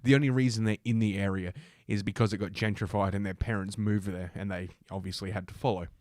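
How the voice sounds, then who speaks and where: Low-voiced man ranting sarcastically. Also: fairly even intonation, fast talker, a little mellow, dry recording, studio quality. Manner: sarcastic, profane and combative. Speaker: livestream host. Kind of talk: ranting commentary while reading news aloud.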